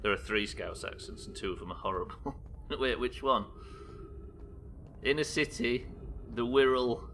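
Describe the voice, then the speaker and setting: There's a little background noise as a young man from the UK streams a game, speaking at an unhurried pace in a medium-pitched, slightly bright voice. Reading his viewers' messages aloud, he rambles on, runs himself down and swears casually in this live gameplay chat.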